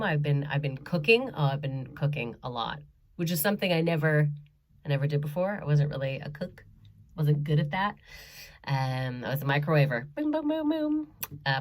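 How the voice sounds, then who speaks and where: A woman doing a stand-up comedy set from her bedroom at home, chatty and self-mocking, with frequent ums and laughs. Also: sits low. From Canada.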